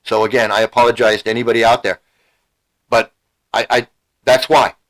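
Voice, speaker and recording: A man's voice: medium pitch, level tone, brisk, fairly bright tone, rough recording. Heated middle-aged man ranting. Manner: heated and emotional, repeating himself, swearing. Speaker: channel host. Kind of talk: angry livestream rant.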